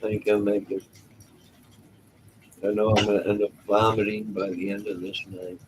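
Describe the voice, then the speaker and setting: Against background noise, a man with a lowish voice talks at normal speed in a flat manner. He's running a casual live stream, reading chat and reacting with jokes, exclamations and frequent laughs.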